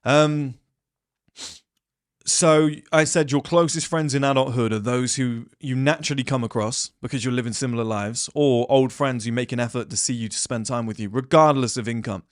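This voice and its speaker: A man's voice: medium pitch, steady tone, moderate pace, dry recording, studio quality. A man giving a blunt, rambling casual monologue to camera, swearing freely. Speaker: self-improvement vlogger.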